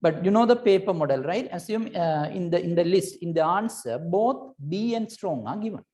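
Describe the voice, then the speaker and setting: A woman's voice: on the low side, lively intonation, normal speed, dark tone. A woman teaching a recorded lesson, patiently explaining and checking in with "right?" between points, with hesitant restarts.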